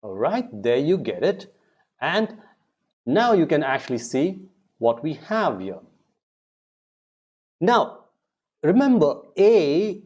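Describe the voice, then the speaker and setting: Slow, lively-voiced male English teacher. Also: fairly high pitch, breathy edge. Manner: slow, drawn-out, repeating words for practice. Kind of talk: pronunciation lesson.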